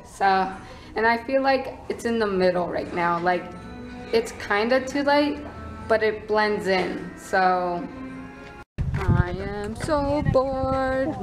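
A young woman vlogs from her market stall, chatting casually and giggling often at a slow pace. Her voice is medium in pitch, and the audio quality is poor.

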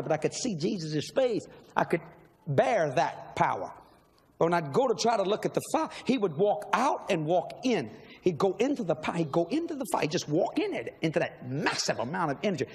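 High-voiced preacher shouting his testimony. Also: creaky. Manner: animated, bursts into shouting. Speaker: minister. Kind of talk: sermon storytelling. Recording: live hall reverb with faint crowd.

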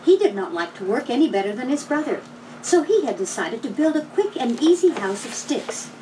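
A woman reads a children's storybook aloud, measured and gently expressive, her voice fairly high and very lively in pitch. She sounds set back from the microphone, and a hiss runs clearly through the old recording. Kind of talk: storybook read-along narration. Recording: noisy, distant old record.

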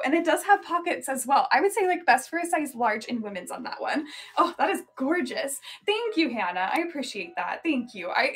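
A young woman chatting casually on a live stream as she sells thrifted clothes, giggling often and filling gaps with "um" and "like.". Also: sits high. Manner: chatty, giggly, lots of ums and likes. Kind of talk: casual live-selling chat.

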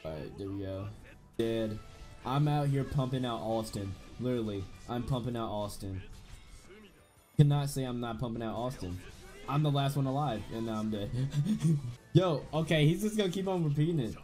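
A young man talking over a horror game as he plays, with sudden loud bursts of excitement and relaxed stretches of chat to his viewers. His voice is mellow and warm. Game music plays faintly behind him. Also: medium pitch, moderate pace, a faint crowd. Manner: excitable, loud outbursts, laughing, then relaxed outro chat. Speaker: gaming YouTuber. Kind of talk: casual gameplay commentary.

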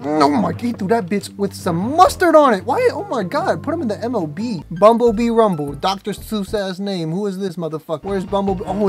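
A young man in his twenties giving crude, joking, excitable let's-play commentary. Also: high voice. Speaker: gaming YouTuber. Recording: game music behind.

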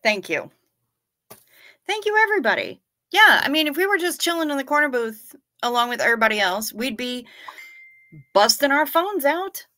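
A woman's voice: sits high, big pitch swings, moderate pace, long pauses, sharp tone. A woman hosting a livestream, chatting casually and gushing over viewer photos and comments. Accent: Midwestern American. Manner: gushing, playful, laid-back. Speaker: livestream host.

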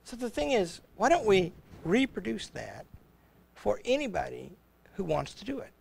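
This older man, a college president, has a voice that sits high, with vocal fry, a darkish and slightly rough tone, and very animated delivery at normal speed. Chatting casually on a livestream, he rambles through stories, chuckles, and performs the quoted exchanges and voices in his tales.

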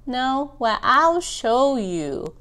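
A woman's voice: high-pitched, very animated, extremely slow, bright, forceful tone, heavily acted. A woman voicing a silly, eager little baby puppet that mispronounces words in a children's puppet show. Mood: cheerful.

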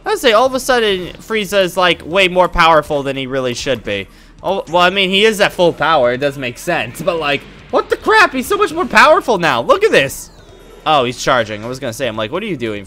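A man giving goofy, excitable commentary while playing a video game. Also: a little high. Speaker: gaming YouTuber. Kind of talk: casual let's-play commentary.

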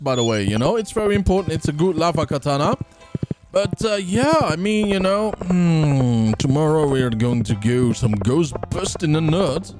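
A chatty man commentating his own gameplay in a loose, talkative way, often speaking straight to the characters on screen. His voice is slightly higher than usual for a man and swings widely in pitch. Game music runs clearly behind him. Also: lively intonation, moderate pace. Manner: chatty, talks to game characters, hums and sings. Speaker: gamer. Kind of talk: casual let's play commentary.

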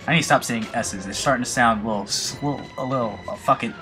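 Nasal man, slight lisp, excitable let's play commentary, lots of cursing, faint game music behind. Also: medium pitch, fast. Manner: loud, excitable, heavy swearing and jokes. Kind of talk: live gameplay commentary.

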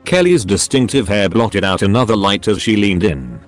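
A synthetic male voice reading a story aloud as narrator, reading every character in the same even machine voice. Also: fairly low pitch, normal speed, faint music behind.

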